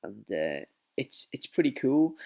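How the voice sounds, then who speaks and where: A man's voice: mid-range voice, very animated, unhurried, creaky, dark tone. A man telling a casual storytime vlog story, rambling, repeating himself and swearing often. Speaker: vlogger.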